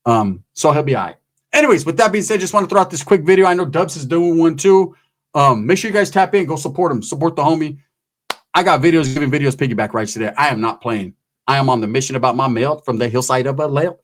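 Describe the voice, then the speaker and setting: A man giving casual vlog commentary in streetwise, slang-heavy talk, swearing freely. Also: on the high side. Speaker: channel commentator.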